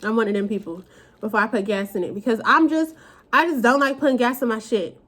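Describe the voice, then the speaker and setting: Animated young woman ranting, slightly high. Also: quick pace. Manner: animated, profane, dramatic retellings. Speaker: vlogger. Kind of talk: casual storytime rant.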